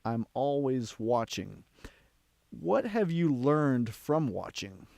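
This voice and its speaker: A man hosting a radio interview, asking prepared questions in a measured way. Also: medium pitch, sing-song, creaky, a little mellow, no room sound. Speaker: radio show host. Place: radio studio. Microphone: studio microphone.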